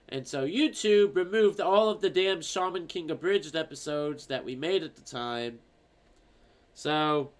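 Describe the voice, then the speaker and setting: A man's voice: a little high, fairly bright tone, clear, resonant tone. A young man chatting casually on a stream, telling rambling stories with plenty of swearing. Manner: rambling, profane storytelling.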